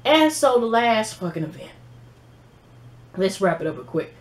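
Animated, profane woman recapping reality TV. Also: a little high, normal speed. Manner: animated, profane, mimics people she quotes. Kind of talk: casual episode recap.

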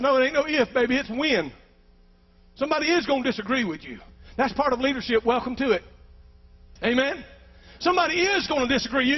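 A man's voice: very high voice, lo-fi sound. A pastor, preaching a fervent sermon and calling out to his congregation.

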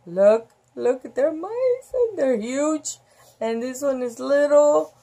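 A woman's voice: high voice, very animated, slow pace, mellow. Giggly woman reading a storybook aloud. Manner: giggly, chatty, easily amused. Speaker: storybook reader. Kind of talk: reading a picture book aloud with asides.

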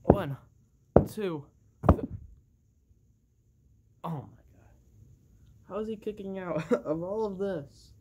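An excitable play-by-play commentator calls a toy wrestling match, breaking into bursts of oohs and laughing mid-call. The delivery is slow and drawn out. The pitch sits in a plain middle register. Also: background noise.

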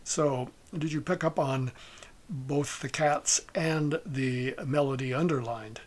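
A man giving a music lecture, speaking haltingly with many fillers and soft asides. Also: medium pitch. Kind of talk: lecture on a recording.

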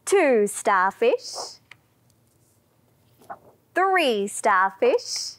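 A young woman teaches a children's music class in a bright, rather high voice that swoops up and down. She speaks very slowly and sing-song, coaxing little ones along and dropping into soft whispers for the quiet parts. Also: sing-song, a little hiss or hum.

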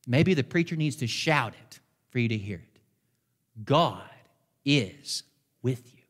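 A man preaching a sermon as pastor, fervent, slowing down to stress key words. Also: on the high side. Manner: fervent, slows down for emphasis. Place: church sanctuary. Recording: long hall reverb in a church.

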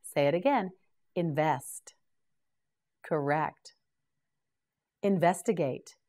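A middle-aged woman with a low-pitched, darkish voice teaches English vocabulary in a slow, scripted pronunciation drill. Patient and encouraging, she repeats each word slowly several times and praises the learner.

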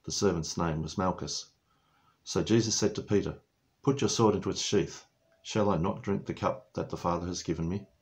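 A man reading a Bible passage aloud in a church service, slow and solemn. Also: deep voice, steady tone. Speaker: scripture reader.

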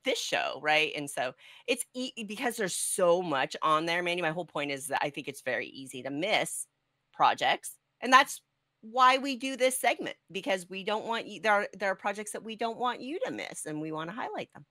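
A woman's voice: fairly low pitch, very animated, moderate pace, pushed and bright, no echo. A woman co-hosting a podcast, rambling conversationally about crowdfunding and board games. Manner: rambling, conversational, many fillers. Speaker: podcast co-host.

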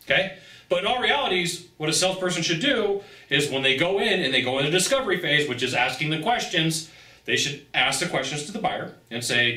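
A man's voice: a little high, expressive, fairly quick, pushed and bright. A man coaching salespeople straight to camera, talking with lots of energy and acting out exchanges between buyer and seller. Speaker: sales trainer. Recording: roomy sound, mic at a distance.

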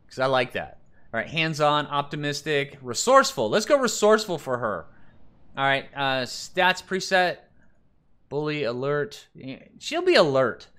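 Lively, bright-voiced man gaming. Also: a little high, a little slow. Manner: chatty, muses aloud while reading on-screen text. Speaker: let's play gamer. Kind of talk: casual gameplay commentary.

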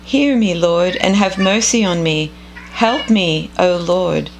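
A woman reading scripture aloud in a measured, contemplative devotional style. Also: lowish voice, slight background noise, rough recording. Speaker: scripture reader.

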